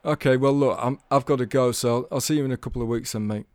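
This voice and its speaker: A man's voice: mid-range voice, quick pace, dry recording, close to an everyday voice. A man voicing an easygoing male friend at a football match, with a placating manner. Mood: soothing. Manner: placating, matey.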